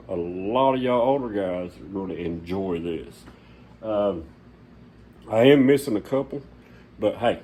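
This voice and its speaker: A middle-aged channel host talks casually to the camera in his home shop, blunt, rambling, and folksy. His voice is mid-range and darkish, and the poor audio carries a little hiss or hum.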